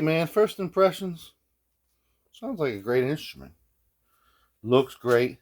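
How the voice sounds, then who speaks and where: This older man from Philadelphia talks slowly in an animated, medium-pitched voice, pausing often. He rambles and jokes through a casual narration of his guitar repair work, tacking "man" onto line after line.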